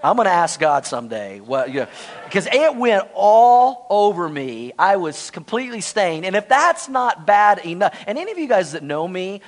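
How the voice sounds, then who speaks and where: A male pastor preaches with a bright, high-pitched voice, rushing through a comic personal story. He jokes with the congregation, then slows down to drive home his point. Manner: storytelling, animated and joking. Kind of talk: sermon.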